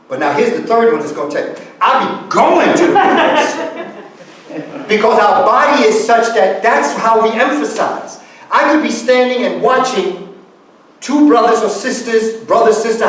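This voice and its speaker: Animated man lecturing in an echoey room. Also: high-pitched, moderate pace, a little hiss or hum. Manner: animated, acts out example phrases, coaxes audience to join in. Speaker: guest speaker. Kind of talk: lecture to a live audience. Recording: echoey room, far from the mic.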